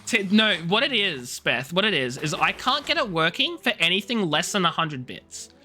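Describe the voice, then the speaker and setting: A man's voice: high voice, very animated, normal speed, bright, forceful tone. A young man chatting casually with viewers while streaming a game, teasing and rambling with many restarts. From Australia. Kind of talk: casual live-stream chat.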